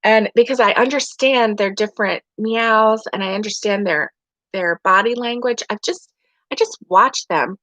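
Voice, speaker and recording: A woman's voice: mid-range voice, normal speed, a bit bright, no room sound. Chatty woman livestreaming from home. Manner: chatty, rambling, laughs often. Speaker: livestream host. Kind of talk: casual live chat. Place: home bedroom. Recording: dry, dull lo-fi sound.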